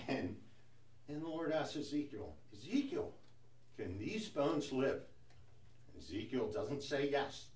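A man leading a Bible study, explaining scripture in a conversational way and often asking rhetorical questions. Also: mid-range voice. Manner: conversational, asks rhetorical questions with frequent "right?".

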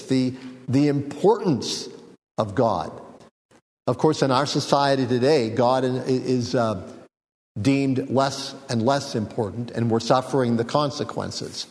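A man preaching a sermon, teaching in an unhurried, reflective way with frequent fillers and small jokes. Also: mid-range voice, darkish tone, long reverb tail. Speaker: pastor.

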